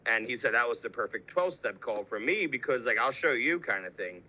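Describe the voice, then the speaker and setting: Bright-voiced man hosting a podcast. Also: mid-range voice, fairly quick, rough recording. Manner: explaining, relaxed with fillers. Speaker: podcast host. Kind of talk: conversational interview.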